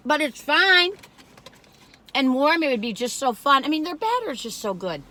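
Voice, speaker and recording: Older lady rambling thru a cookie review vlog, slightly high voice, keeps getting sidetracked. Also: big pitch swings, normal speed, sharp tone. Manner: rambling, chatty, easily sidetracked. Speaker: food vlogger. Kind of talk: casual chatty food review vlog.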